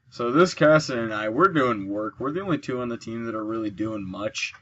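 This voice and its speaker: Speaking fairly quickly and with few pauses, a sleepy man yawns through chatty gameplay commentary. His medium-pitched voice comes over dull audio as he explains the mechanics of his moves and lets out excited cheers at kills.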